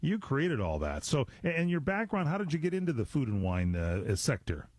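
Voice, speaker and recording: A man's voice: fairly high pitch, wildly swooping pitch, normal speed, darkish tone, no echo. A man hosting a local radio interview, talking in a chatty, rambling way with lots of restarts. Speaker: radio show host.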